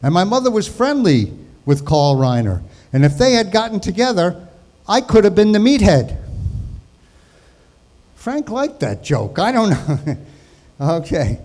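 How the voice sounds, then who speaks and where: A man's voice: sits high, very animated, a little slow, pauses often, a little mellow. A man in his sixties from New York telling jokes and stories in a chatty stand-up tribute set. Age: 60s. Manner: jokey, chatty storytelling. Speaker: comedian.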